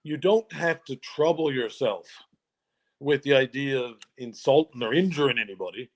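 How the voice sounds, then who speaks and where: A jokey male guest from Newfoundland, Canada, tells stories in a casual interview chat, laughing often and restarting phrases. His voice is mid-range at normal speed.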